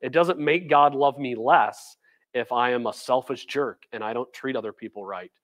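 A man's voice: medium pitch, normal speed, fairly bright tone. A man preaching a sermon at a church food pantry, earnest and conversational, reading scripture aloud with emphasis. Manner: conversational, with fillers and repeated phrases.

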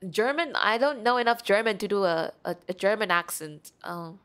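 A woman's voice: mid-range voice, normal speed, fairly bright tone. A young woman streaming a game, chatting playfully and giggling while reading the game's dialogue aloud. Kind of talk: casual gameplay commentary.

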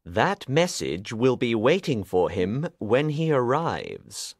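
Sherlock Holmes, read by a man, slow and animated. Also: medium pitch, no room sound, studio quality, exaggerated voice. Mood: explaining. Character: sharp, determined male detective, adult. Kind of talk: audiobook reading.

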